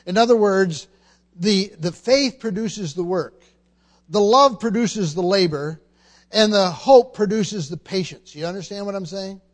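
A man's voice: high voice, measured pace. A man preaching a sermon, emphatic and teaching, often repeating words and asking the congregation questions.

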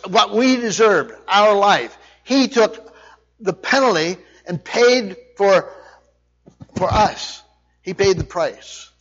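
Male preacher, high voice, explanatory teaching sermon, dull lo-fi sound. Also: fairly bright tone. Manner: explanatory, questions to the congregation. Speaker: Bible teacher.

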